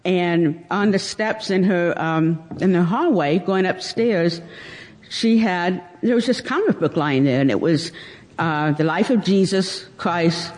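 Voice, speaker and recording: Woman, church testimony, slow and hesitant, near tears, long hall reverb. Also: on the low side, a little mellow. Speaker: church member giving testimony. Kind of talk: personal testimony.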